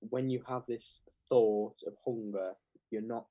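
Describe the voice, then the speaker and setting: A man's voice: mid-range voice, steady tone, measured pace, no room sound, lo-fi sound. A young man, chatting casually as a podcast guest and scattering "like" through his sentences. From England. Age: young adult. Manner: rambling, heavy with "like" fillers. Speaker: clothing brand founder, guest.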